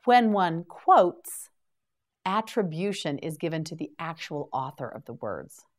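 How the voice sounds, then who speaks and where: A woman teaching English to beginners, carefully enunciating each word and repeating it in a slow vocabulary drill. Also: low-pitched, sing-song.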